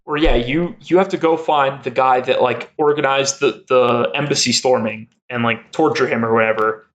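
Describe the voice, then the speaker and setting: A man's voice: medium pitch, steady tone, moderate pace, fairly bright tone, muffled recording. A young man chatting as a podcast guest, rambling and laughing a lot with many fillers. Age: young adult. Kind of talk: casual chat.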